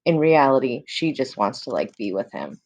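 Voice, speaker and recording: A woman's voice: extremely low pitch, big pitch swings, moderate pace, darkish tone. A woman teacher explaining a play in casual everyday words, with many fillers.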